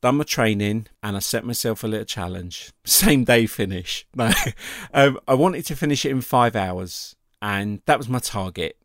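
A middle-aged man tells a personal story, animated and full of acted-out quotes. His voice sits low with a gravelly edge. The sound is dry and close. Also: normal speed, hardly any pauses, dry recording. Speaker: guest telling a story. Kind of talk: casual storytelling.

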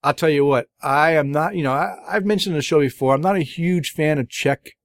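A middle-aged man hosts a beer podcast, chatting casually and enthusiastically about beers he's tried, rambling with fillers and restarts. His voice is fairly high and fairly quick, in a dry, studio-quality recording.

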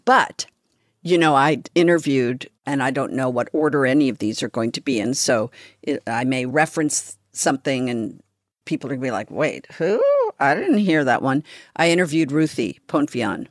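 Low-voiced woman hosting a reflective chat. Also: dry recording, clean studio sound. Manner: reflective, measured, laughs often. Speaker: podcast host. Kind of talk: conversational podcast chat.

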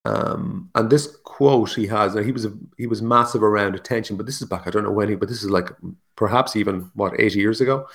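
Gravelly low-voiced man musing solo. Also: a little fast. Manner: casual, musing, laughs at his own jokes. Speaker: podcast host. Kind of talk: solo reflective podcast monologue.

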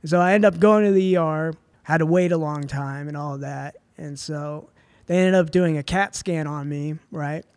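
A young man with a somewhat higher voice tells his story on a podcast, loose and chatty, full of filler words. The sound is dry and close. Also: moderate pace, no echo. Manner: relaxed and chatty, full of "like" and "dude". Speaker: film writer and director, podcast guest. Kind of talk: casual storytelling in a podcast interview.

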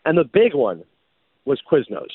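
A man's voice: on the high side, a little slow, husky, no room sound, phone-quality sound. A man, a former sportscaster, telling stories in a casual chat and slipping into an announcer voice now and then. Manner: animated storyteller, slips into announcer voice. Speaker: podcast host and former sportscaster.

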